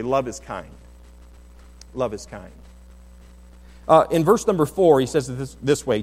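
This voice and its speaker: A middle-aged man preaching a sermon as pastor, in an earnest, conversational way with many restarts. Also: mid-range voice. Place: church sanctuary. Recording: long hall reverb.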